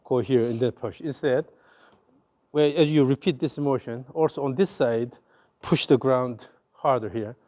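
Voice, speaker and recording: Man coaching a golf swing, warm voice. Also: mid-range voice, a little slow. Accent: Korean. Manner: instructive, repeats cues rhythmically. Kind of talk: hands-on coaching.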